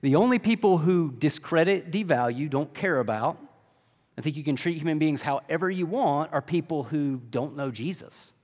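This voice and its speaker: A man's voice: fairly high pitch, expressive, normal speed, a little mellow. A man preaching a sermon in a conversational style, full of rhetorical questions. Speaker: pastor. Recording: long reverb of a large hall.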